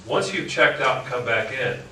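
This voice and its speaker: A man who hosts talk radio speaks to a live audience in a frank, joking way. He tells his stories like an animated speaker. He sounds distant from the mic in an echoey room with a noisy background. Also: medium pitch, normal speed. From Upper Michigan. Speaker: talk radio host giving a talk. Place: indoor meeting room with audience.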